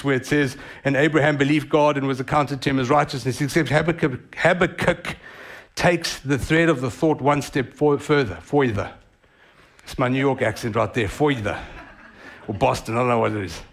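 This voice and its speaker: Animated preaching man, raised pitch. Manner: animated preaching with quick asides. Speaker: pastor. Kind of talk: sermon.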